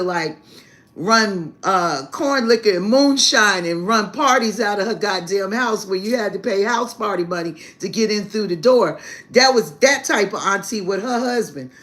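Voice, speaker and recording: A woman of middle pitch holding court on a live stream, swearing freely and calling her listeners "baby". She tells a family story in a loose, unscripted way and laughs heartily as she goes. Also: a little slow, a bit bright. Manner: brash and profane, calls listeners "baby". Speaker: spiritual reader hosting a live stream. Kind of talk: casual storytelling to a live chat.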